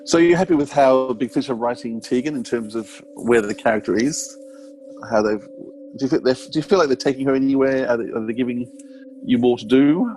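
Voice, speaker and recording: A man's voice: mid-range voice, brisk, a little mellow, faint music behind, rough recording. An Australian man with an Australian accent, hosting a podcast and asking hesitant, stumbling questions. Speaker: podcast host. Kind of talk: casual interview questions.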